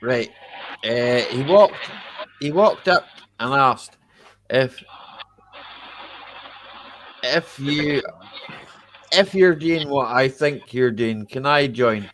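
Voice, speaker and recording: Slow-talking man hosting a chat. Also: mid-range voice, lively intonation, a bit bright, low-quality recording. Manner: laughs often, slow and halting. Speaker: host of a live chat stream. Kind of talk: casual live-stream chat. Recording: faint background noise.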